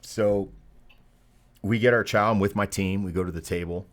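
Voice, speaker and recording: Guest: middle-aged man, very low voice, swears freely, animated storyteller. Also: moderate pace. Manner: profane, animated anecdote teller. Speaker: podcast guest. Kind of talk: casual storytelling.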